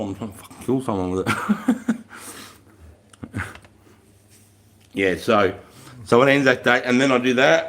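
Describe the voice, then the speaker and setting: A man's voice: fairly low pitch, a bit bright. Blunt, foul-mouthed Australian man. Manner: frank, rambling, heavy swearing. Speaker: military veteran hosting a live stream. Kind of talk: casual storytelling chat.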